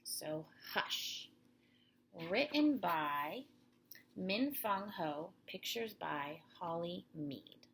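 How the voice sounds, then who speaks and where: A woman in her thirties, a teacher speaking gently and encouragingly to young children and their parents from home, sometimes dropping to a soft near-whisper. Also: fairly low pitch, lively intonation, very slow, slight background noise. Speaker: elementary school teacher. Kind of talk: addressing children and parents in a recorded class session.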